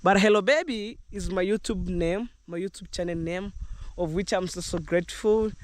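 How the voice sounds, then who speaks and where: High-voiced Kenyan man vlogging outdoors. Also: moderate pace, no echo. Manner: rambling, upbeat, sprinkles in Jamaican slang. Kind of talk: walking vlog, casual talk to camera. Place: outdoors in the countryside.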